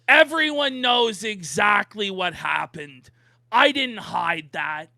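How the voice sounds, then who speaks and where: High, lively ranting man. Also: takes it slowly, gravelly, no echo. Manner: ranting, mocking, emphatic repetition. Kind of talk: heated commentary on online drama.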